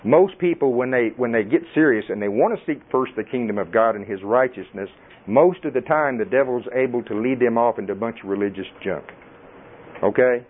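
Middle-aged male preacher, folksy and animated, mid-range voice on tinny audio. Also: mid-range voice, brisk. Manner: folksy and animated, laughing often. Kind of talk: sermon.

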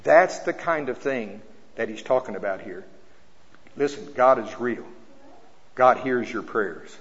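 A man's voice: medium pitch, expressive, slightly rough. Preacher man in an echoing hall. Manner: reads scripture slowly and loudly, then chats with jokes. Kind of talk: sermon. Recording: dull sound in a reverberant hall.

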